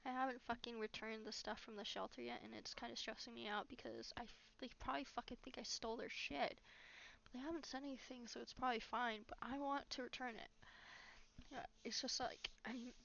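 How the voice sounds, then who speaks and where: A young woman venting in a casual, rambling monologue, halting often, swearing a lot and dropping to a near whisper. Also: a little high, fairly even intonation, vocal fry, a bit bright. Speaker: vlogger. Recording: dull lo-fi recording.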